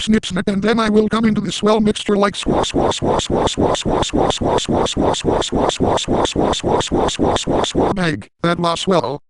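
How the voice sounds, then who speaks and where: A man's voice: high-pitched, close to an everyday voice, poor audio. A man voicing a crude, manic cartoon dad in an absurd parody monologue, ranting and making repeated sound-effect noises.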